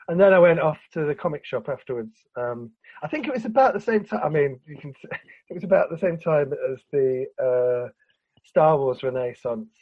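Man, higher voice, husky, lo-fi sound, animated rant in casual podcast chat. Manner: ranting, animated, swearing, laughing. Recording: lo-fi recording.

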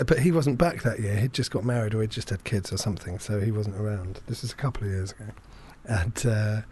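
A man in casual conversation, telling a rambling story about himself. He stumbles over his words, restarts sentences and fills pauses, with a self-deprecating edge and a middle-pitched voice. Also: a little mellow. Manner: self-deprecating, halting with many fillers and restarts. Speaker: podcast guest storyteller. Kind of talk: casual chat, rambling anecdote.

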